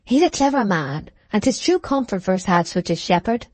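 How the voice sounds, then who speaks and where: Audiobook casting: woman voicing a timid, pious farmhand, soft murmuring cadence. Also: mid-range voice, sing-song, a little fast, no room sound. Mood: meek. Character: meek, pious male farmhand. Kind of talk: audiobook character reading.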